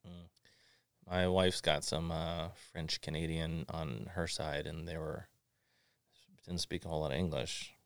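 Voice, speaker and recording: A man in his forties from Florida hosting a casual chat, telling stories in an animated, joking way. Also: very deep voice, a little slow, creaky, clear, resonant tone, no echo. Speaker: podcast host.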